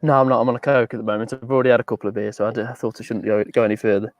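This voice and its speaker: A man co-presenting a live show by video call, chatting in a relaxed, easygoing way. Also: medium pitch, very fast, dry recording. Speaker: co-presenter calling in from a campsite. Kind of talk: casual live-stream chat.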